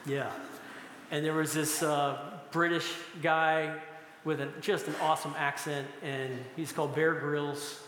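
A middle-aged man preaches to a congregation in a large hall. His voice is high and bright, and a long, roomy reverb trails after each phrase. He moves between solemn teaching and playful storytelling. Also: flat delivery, measured pace, slight background noise. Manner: storytelling with bursts of laughter. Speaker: pastor. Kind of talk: sermon.

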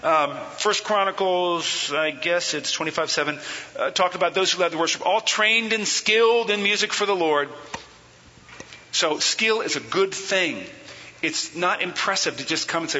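A man's voice: high voice, moderate pace, bright, forceful tone. A man teaching a church seminar on worship. He reads quotations aloud, explains them, asks the audience questions and has them repeat phrases, with dry jokes along the way. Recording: muffled hall recording with hiss.

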